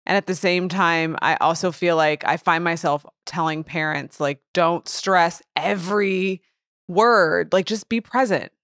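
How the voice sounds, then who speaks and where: A woman's voice: lowish voice, a little slow, fairly bright tone, no echo, clean studio sound. A woman guest, an author and researcher, talking casually in a chatty way with lots of filler words. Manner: chatty, with frequent "like" fillers and restarts. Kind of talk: casual conversation.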